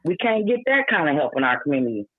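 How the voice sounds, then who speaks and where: A woman's voice: sits low, big pitch swings, fast, no echo. A woman with a Milwaukee accent calls in to a radio show and speaks earnestly, pleading and plainly frustrated. She comes through a thin, tinny phone line with a dry, close sound. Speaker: caller.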